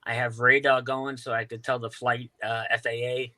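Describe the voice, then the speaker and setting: Speaking at normal speed with a flat delivery, this man has a medium-pitched, bright, forceful voice and a New York accent from Staten Island. He's a UFO sky watcher telling stories in a casual interview, with lots of fillers and restarts.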